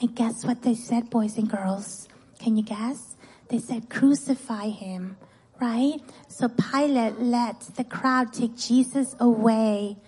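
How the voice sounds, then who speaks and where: A woman teaching children in church, telling a Bible story in a lively way and often checking in with "right?" and "guess what?". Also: fairly high pitch, slow, slightly rough, rough recording. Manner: animated, keeps asking "right?" and "guess what?".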